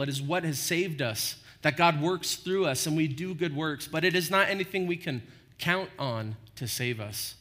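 Preaching in a chatty style, this male pastor keeps checking in with "right?" and performs brief quotations. He sounds a little high, bright and forceful.

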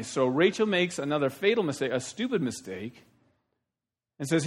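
A middle-aged man preaching a sermon, telling the story in a folksy, animated way with sudden loud outbursts. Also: a little high, moderate pace. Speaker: pastor.

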